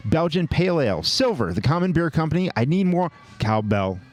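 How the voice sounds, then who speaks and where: A man co-hosting a podcast, jokingly rattling through a list of award winners with quick asides. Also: on the high side, big pitch swings, faint music behind. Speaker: podcast co-host. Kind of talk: casual chat, reading award lists.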